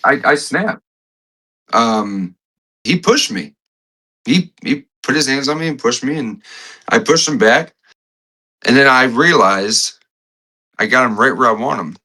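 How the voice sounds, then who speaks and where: A man talking as a podcast guest, telling a personal story in a halting way, repeating phrases and restarting often, a little choked up. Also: mid-range voice, animated, bright, forceful tone, low-quality recording. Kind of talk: emotional conversational storytelling.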